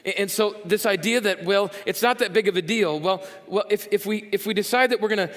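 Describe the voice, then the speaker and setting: A man preaching a sermon as pastor, animated and jokey, acting out the voices of people in his congregation. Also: sits high, a little fast, big-room sound. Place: church sanctuary.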